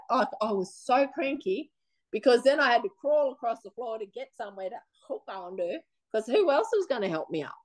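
Australian woman, fairly high voice, blunt, animated, plain-spoken interviewee. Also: fairly quick. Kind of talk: casual personal storytelling.

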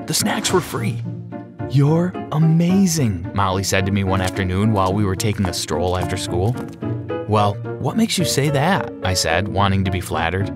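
A man with a low voice tells an animated story in the first person, his pitch rising and falling expressively. Music plays behind him. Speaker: narrator. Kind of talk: scripted storytelling narration.

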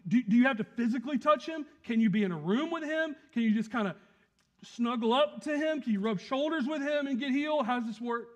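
Male pastor, high-pitched, preaches with loud emphasis and soft asides, acts out quotes. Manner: animated, swings between loud emphasis and quiet asides; plays out the scene with quick acted quotes. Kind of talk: sermon.

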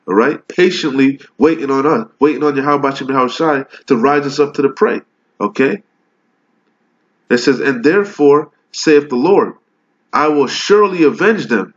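Male street preacher, raised-pitch voice, profane and fiery, lo-fi muffled recording. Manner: rants, swears, punctuates every point with "okay?".

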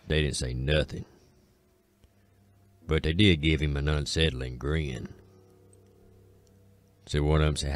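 A man with an Appalachian accent telling a folk tale in a slow, drawling way, with dramatic pauses. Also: extremely low pitch, fairly even intonation, faint music behind. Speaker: storyteller. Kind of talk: folksy spoken storytelling.

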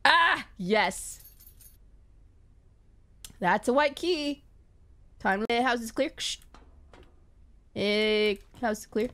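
A woman's voice: on the high side, slow pace, pauses often, fairly bright tone. A woman streamer giving live gaming commentary, jumpy, yelping and repeating herself when scared.

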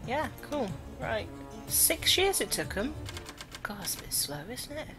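Over game music, a woman in a let's play video reads the on-screen text aloud and jokes about it as she plays. Her voice is fairly high and sing-song, and she takes her time.

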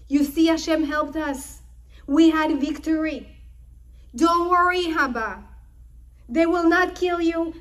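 A woman's voice: a little high, mellow, natural voice. A woman voicing two defiant young brothers who answer their father with firm, resolute declarations.

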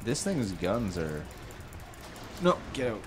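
A man co-hosting a casual let's-play, excitable and quick to laugh and yelp at the game. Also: lowish voice, background noise. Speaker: gaming co-host. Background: game music.

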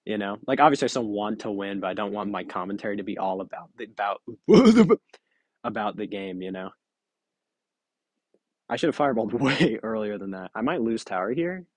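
A man's voice: fairly low pitch, animated, a little fast, no room sound. A tired young man giving casual, giggly, self-mocking commentary while playing a mobile game. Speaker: gaming video creator.

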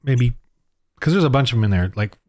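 A man's voice: mid-range voice, animated, fairly quick, darkish tone. A man running a tabletop game as game master over a video call, rambling with many fillers and frequent laughs.

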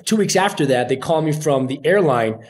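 On a podcast, a guest with a voice on the high side talks a little fast, telling casual stories. He's animated, acting out the voices of the people in them.

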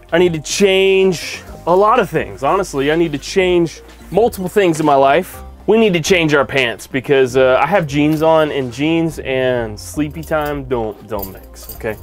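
A man's voice: fairly high pitch, a little slow, faint music behind. A man casually chatting to the camera in a van vlog in a playful, joking manner. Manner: playful, talks to his dog, sings goofily. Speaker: vlogger. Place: camper van in winter.

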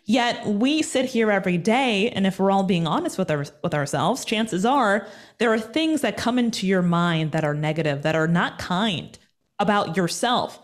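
A woman being interviewed over a call as a TV personality and speaker, talking in an energetic, emphatic motivational way and repeating points for effect. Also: mid-range voice, normal speed.

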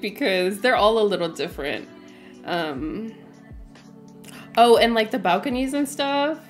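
A woman's voice: mid-range voice, big pitch swings, moderate pace, faint music behind. A woman livestreaming a game, chatting casually, with lots of fillers, frequent laughs and greetings to her viewers. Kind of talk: casual livestream chat while playing.

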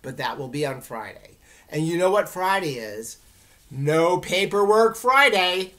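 A woman teacher speaking to her students in a recorded lesson, friendly and instructive. Her voice is low, yet it swings widely in pitch. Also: expressive, moderate pace.

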